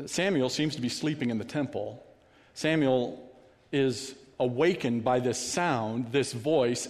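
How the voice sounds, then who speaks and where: A man delivering a sermon as pastor, earnest and repeating key phrases for emphasis, in a church sanctuary. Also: mid-range voice. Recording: long hall reverb.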